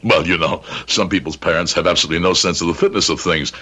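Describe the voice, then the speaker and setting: In this clip, a man with a deep, fast, pushed and bright voice, slightly rough and exaggerated, plays a genial, chatty 42-year-old businessman husband. He comes across as jovial and nostalgic, laughing as he talks.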